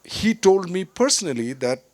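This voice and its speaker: A middle-aged actor giving a reflective storytelling talk at a film festival, digressive and full of fillers and restarts. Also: male voice, sits high, very animated, normal speed, a little mellow, no echo. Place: festival stage or hall.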